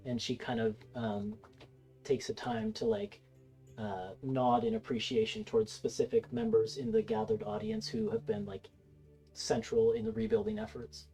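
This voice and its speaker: A game master narrating a tabletop game in a loose, hesitant way, with many pauses and restarts. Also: mid-range voice, big pitch swings, vocal fry, warm tone, faint music behind.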